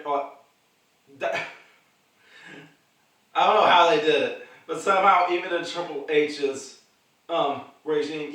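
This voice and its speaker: A man hosting his own podcast, chatting casually and rambling about wrestling, laughing easily along the way. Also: fairly high pitch. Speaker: podcast host. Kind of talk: casual solo wrestling chat. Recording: echoey room, distant mic.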